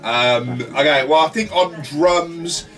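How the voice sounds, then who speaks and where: A man's voice: a little high, slow pace, over music. Sweary rambling man, distant mic. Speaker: podcast co-host. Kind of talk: casual chat.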